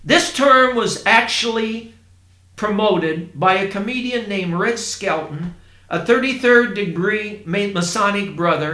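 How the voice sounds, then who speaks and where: A man from Indiana telling a first-person story in a plain, unhurried way, with asides to his listeners. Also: high-pitched, pushed and bright. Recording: roomy echo.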